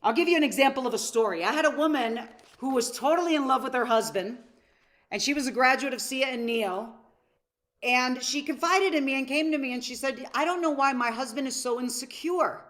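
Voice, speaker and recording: High-voiced woman coaching a live masterclass. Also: a little fast, a bit bright. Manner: storytelling, asks audience questions, acts out quotes. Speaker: seminar coach.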